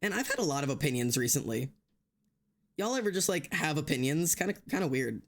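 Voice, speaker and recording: A man's voice: fairly high pitch, sing-song, a little fast, a bit bright. Guy streamer on a desk mic, cusses a ton, rants to chat then laughs at himself. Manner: talks straight to chat, many restarts. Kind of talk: casual livestream chat.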